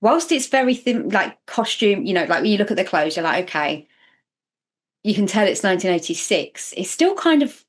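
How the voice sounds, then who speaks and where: A woman hosting a podcast in casual chat, chatty and self-mocking with quick asides. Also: mid-range voice, big pitch swings. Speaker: podcast host.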